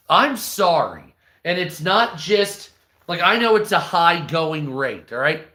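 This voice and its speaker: A man's voice: fairly high pitch, very animated, slow pace, bright, forceful tone. A man from the United States giving heated, profane, rambling commentary on a live news stream.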